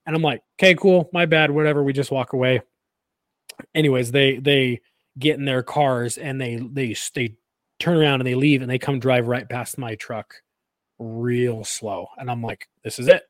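A man co-hosts a casual podcast, telling loose, rambling stories that stop and restart as he laughs at himself. His voice sits at an everyday middle pitch. The sound is dry and close to the mic. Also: steady tone, a little slow, dry recording. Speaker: podcast co-host. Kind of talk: casual chat.

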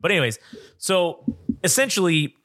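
Brief: young male podcast co-host, lively and bright, acts out the people in his stories. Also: high-pitched, moderate pace. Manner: animated storyteller, acts out voices. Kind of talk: casual chat.

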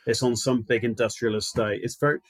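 A man's voice: medium pitch, little pitch movement, brisk, dry recording. A man co-hosting a podcast, chatting casually with wry, teasing remarks. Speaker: podcast co-host. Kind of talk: casual chat.

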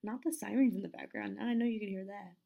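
Brief: woman narrator, vocal fry, casual, keeps fumbling words and restarting, raw home-mic read. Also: medium pitch, quick pace, warm tone. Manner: stumbles over words, restarts and apologizes; casual and swearing, laughs at herself. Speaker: story narrator. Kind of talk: unedited story reading with outtakes. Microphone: home mic with headphones bumping it.

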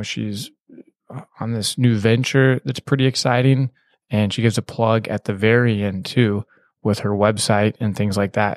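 A man's voice: fairly low pitch, a little mellow, no room sound. A man hosting a podcast in casual chat, rambling and loose with lots of fillers. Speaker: podcast host.

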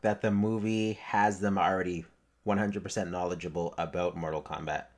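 Low-pitched male co-host, relaxed wry movie talk. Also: moderate pace. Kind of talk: casual movie review chat.

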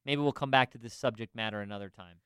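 A man's voice: medium pitch, sharp tone, clear, resonant tone, dry recording, clean studio sound. Emphatic man on a podcast. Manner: emphatic, slows down to stress points. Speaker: podcast co-host. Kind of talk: casual podcast talk on money.

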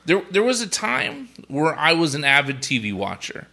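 A man's voice: fairly high pitch, big pitch swings, moderate pace, bright, forceful tone. A young man co-hosting a podcast, chatting casually and at length in a laid-back, talkative way. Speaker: podcast co-host. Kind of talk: casual chat.

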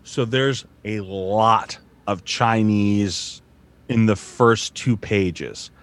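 A voice-over artist chatting casually, rambling with lots of fillers and acting out snippets of narration reads. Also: male voice, lowish voice, very slow. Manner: rambling, animated, full of "like" and mock voice-over reads. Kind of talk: casual storytelling chat.

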